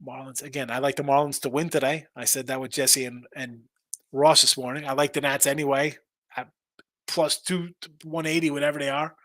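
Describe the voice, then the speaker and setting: Rambling through picks on a casual betting stream, a sports betting show host reads chat messages aloud and frequently restarts and repeats himself. He has a medium-pitched, a bit bright voice with a flat delivery and a fairly quick pace, and the recording has no echo.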